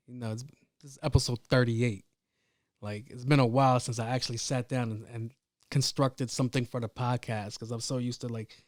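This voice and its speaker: Male podcast host, mid-pitched, cursing and rambling through a story, dry close mic. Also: no room sound. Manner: profane, rambling, animated retelling. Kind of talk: casual solo podcast storytelling.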